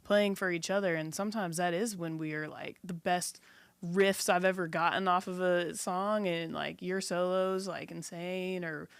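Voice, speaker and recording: A woman's voice: fairly low pitch, steady tone, normal speed, vocal fry, clear, resonant tone, no room sound. A woman who is a guest musician, chatting in an enthusiastic, casual way on a podcast.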